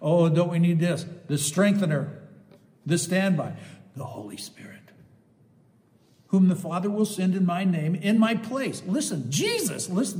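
An older man preaching a sermon, swinging from loud, emphatic exclamations to soft asides. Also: fairly high pitch, in a large hall.

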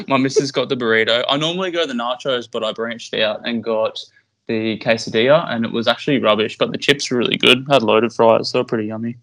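Brief: young Aussie fishing guide, casual podcast guest, loose and swears a lot, mid-pitched male voice. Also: steady tone, fairly quick, fairly bright tone. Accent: Australian. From Queensland, Australia. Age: young adult. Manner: laid-back, swears often, laughs easily. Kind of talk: casual chat. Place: at home.

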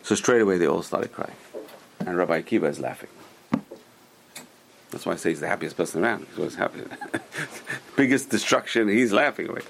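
A man's voice: low voice, lively intonation, fairly quick, creaky, long pauses, a bit bright, slight background noise. A man teaching a Torah class, retelling old stories with rhetorical questions and Hebrew terms mixed in.

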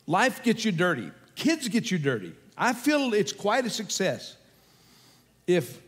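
An older man preaches a sermon in a relaxed, storytelling manner, chuckling as he goes. His voice sits high for a man. A long reverb trails behind him, as in a big hall. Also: a little slow. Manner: conversational, folksy, animated storytelling with chuckles. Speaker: pastor.

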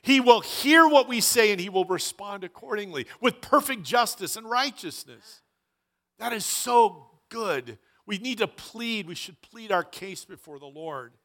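A man's voice: high voice, lively intonation, unhurried, a bit bright. A man preaching a sermon as pastor, earnest and emphatic, often repeating phrases for weight.

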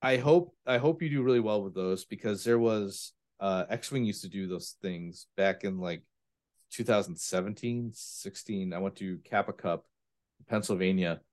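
A man's voice: fairly low pitch, moderate pace. A man hosting a tabletop gaming podcast, telling stories casually and with lots of fillers and restarts. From US East Coast. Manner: rambling, animated storytelling with many fillers. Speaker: podcast host. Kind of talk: casual chat.

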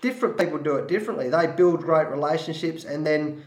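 Animated Australian man telling a story. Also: a little high, fast talker, echoey room. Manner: animated, repeats words, restarts sentences. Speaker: former cricket coach. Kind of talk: storytelling in a panel talk.

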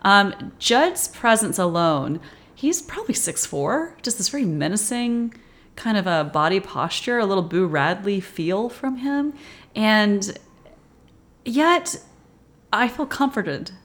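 A woman's voice: medium pitch, animated, takes it slowly, a bit bright. A woman co-hosting a podcast, chatting casually about a horror film and laughing often. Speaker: podcast co-host.

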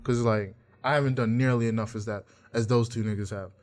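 A man's voice: mid-range voice, steady tone, brisk. Blunt, profane man ranting on a podcast. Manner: blunt, profane, heated rants. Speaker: podcast host. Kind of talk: casual podcast chat.

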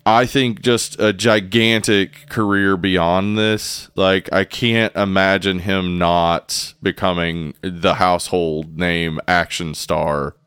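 A young adult man chats on his podcast in a relaxed, rambling way, often stopping to restart his sentences. His voice is smooth and even. The recording is dry and close, with no room sound. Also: sits low, takes it slowly, hardly any pauses, no echo. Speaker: podcast co-host. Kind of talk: casual chat.

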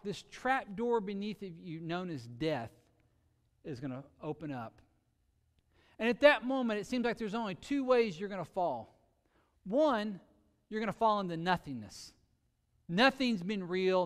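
A man preaching a sermon earnestly, with sudden shifts between loud emphasis and quiet, drawn-out words. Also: sits high, in a large hall. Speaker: pastor.

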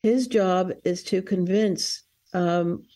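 A woman with a warm, mellow voice gives earnest answers in an interview. She talks in a warning tone and often restarts her sentences with fillers. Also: lowish voice, slow. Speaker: guest.

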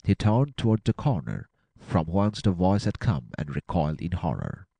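A man narrating an adventure audiobook with a dramatic, expressive reading. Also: sits low, normal speed, gravelly, slightly rough, no echo.

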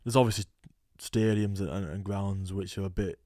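A young man, a rugby player guest telling animated stories in a casual podcast chat. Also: deep voice, moderate pace, no room sound, clean studio sound. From England. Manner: storytelling, animated quoting, laughs often. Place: podcast studio.

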